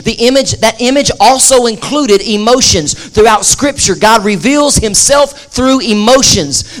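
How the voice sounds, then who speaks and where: A male pastor preaching a lively sermon, mixing jokes and acted-out asides with shifting pace. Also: high-pitched.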